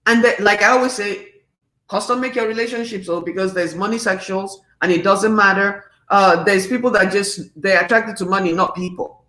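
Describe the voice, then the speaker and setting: A woman's voice: mid-range voice, normal speed, echoey room. A woman in her fifties hosting a live talk, speaking emphatically and reading out viewers' comments. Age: 50s. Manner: emphatic, animated, preachy. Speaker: host.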